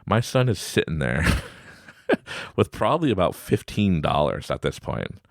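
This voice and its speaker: A bit slowly and with some vocal fry, a Canadian man in his thirties narrates a family story on his podcast. He keeps it casual and animated, giggling and acting out his son in a high voice, and the sound is clean studio quality with no room sound.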